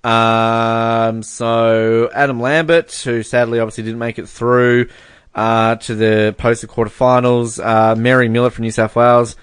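A man's voice: mid-range voice, normal speed, fairly bright tone, smooth, no room sound. A man co-hosting a podcast in casual chat, who laughs often while reading messages aloud. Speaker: podcast co-host.

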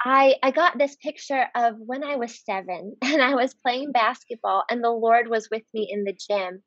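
A woman in her thirties talks about her faith as a podcast guest, earnest and heartfelt, with a slightly high voice. She fills her talk with "like" as she speaks. The recording is dull and lo-fi, with a dry sound and no room echo. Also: moderate pace, a bit bright. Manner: earnest, heartfelt, many "like" fillers. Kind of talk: casual faith conversation.

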